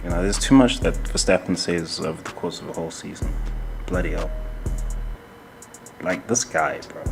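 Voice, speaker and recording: A man's voice: sits low, normal speed, gravelly, long pauses, faint music behind. A man hosting a casual commentary show, rambling and heated, swearing often and laughing between points. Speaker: podcast host.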